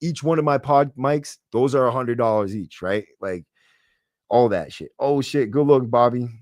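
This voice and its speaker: A man's voice: medium pitch, normal speed, a little mellow, no echo. A young Boston man talks straight into a close, dry podcast mic, brash and loose. He swears freely and throws in streetwise slang as he answers his viewers. His voice sits in an ordinary middle range. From Massachusetts. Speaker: livestream podcast host. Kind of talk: casual livestream chat reading comments.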